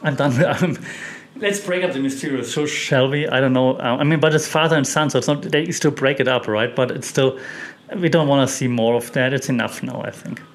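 A man's voice: medium pitch, brisk. A man hosting a casual wrestling recap, chatty and opinionated, with many fillers and restarts. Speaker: wrestling podcast host.

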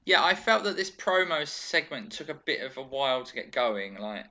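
Brief: male podcast co-host, bright forceful tone, chatty and rambling, dull lo-fi recording. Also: mid-range voice, big pitch swings. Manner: chatty, rambling, quick asides. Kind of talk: casual wrestling chat. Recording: dull lo-fi sound.

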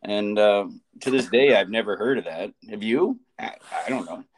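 With a fairly low voice at a moderate pace, and a little hiss or hum in the background, this forties-aged teacher and podcast co-host meanders through a story, restarting often and laughing a lot in casual conversation.

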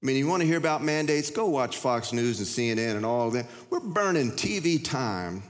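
A man's voice: mid-range voice, lively intonation, fairly quick. Pastor guy, 50s, folksy rambling sermon, echo trailing off in a big church hall. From United States. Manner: folksy, conversational preaching with repeated restarts. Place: church sanctuary. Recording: long reverb of a large hall.

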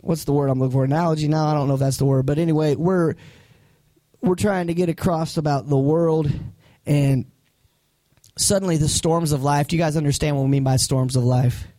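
A man preaching a sermon as pastor, animated and acting out voices from the story. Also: on the high side, brisk, no echo.

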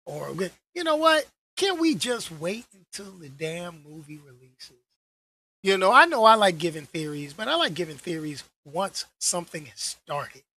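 A woman's voice: lowish voice, very animated, normal speed, sharp tone, slightly rough. A young woman vlogger giving a casual, slangy movie-news rant. She repeats her phrases and drops in exasperated asides.

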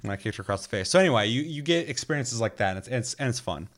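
A man's voice: mid-range voice, lively intonation, very fast, a bit bright. A man chatting casually about a video game, loose and rambling, with lots of filler words and frequent swearing.

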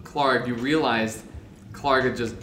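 Taking it slowly in a steady, mid-range, fairly bright voice, a young man running a tabletop game goes over the previous session. He's casual and laughing, full of fillers, and the recording is roomy with background noise.

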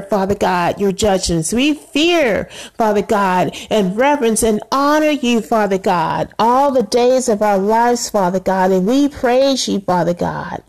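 A woman's voice: a little high, darkish tone. A woman praying aloud with fervor, repeating "Father God" between short phrases. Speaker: prayer leader. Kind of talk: spoken prayer.

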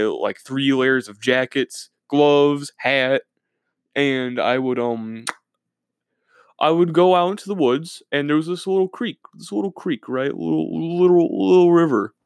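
A man's voice: mid-range voice, no echo, clean studio sound. A young man from Minnesota, hosting a podcast and rambling through profane, self-mocking stories in casual solo chat. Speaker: podcast host.

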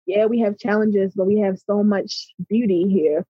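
An emphatic middle-aged woman with a Baltimore accent answers interview questions in a slightly husky voice. The sound is dry and a little muffled. She often checks in with "right?". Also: mid-range voice, fairly even intonation, normal speed, dark tone, dry recording. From Baltimore, USA. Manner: passionate, emphatic, repeats "right?". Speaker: interview guest. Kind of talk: conversational interview.

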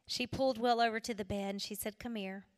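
A woman's voice: fairly high pitch, steady tone, fast. Earnest woman preaching in a reverberant hall. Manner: earnest storytelling, dropping to a hush for emphasis. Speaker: women's ministry speaker. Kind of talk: personal testimony sermon.

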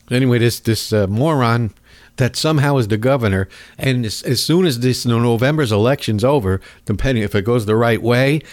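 Male host, furious sarcastic rant, pitch swinging wildly, dry close sound. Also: no room sound. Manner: angry, sarcastic, mocking. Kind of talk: ranting political commentary.

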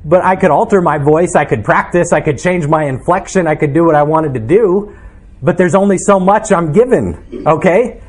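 A man's voice: fairly high pitch, normal speed, husky. A man, a pastor, preaching a sermon in an earnest, reflective way, asking his listeners questions.

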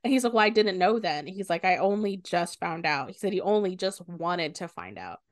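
A woman's voice: fairly low pitch, moderate pace, no room sound, studio quality. Swearing woman retelling a plot. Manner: animated retelling, swears often. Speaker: podcast co-host. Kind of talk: casual book discussion.

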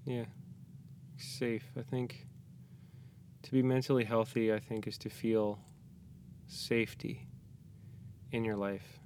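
Weary podcast guest, a man with a lowish voice, soft and halting with dry jokes. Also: steady tone, slight background noise. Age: young adult to middle-aged, a parent. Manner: soft-spoken, halting, reflective with joking asides. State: tired. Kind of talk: casual podcast chat. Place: small closet studio.

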